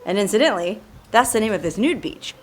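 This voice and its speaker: A woman's voice: medium pitch, lively intonation, quick pace, faint music behind. Wry woman vlogging on a coastal trail. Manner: wry, joking, self-mocking. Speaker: travel vlogger. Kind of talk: casual travel vlog narration. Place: outdoors on a coastal hiking trail.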